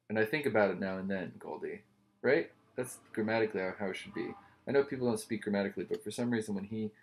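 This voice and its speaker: A man's voice: lowish voice, darkish tone. A man reviewing comic books in casual chat, rambling with wry, joking asides.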